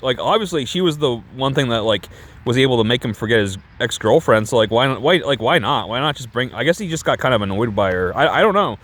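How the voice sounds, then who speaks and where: A man's voice: mid-range voice, a bit bright. Rambling sarcastic man reviewing a movie. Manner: rambling, sarcastic, profane, full of restarts. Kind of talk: casual chat.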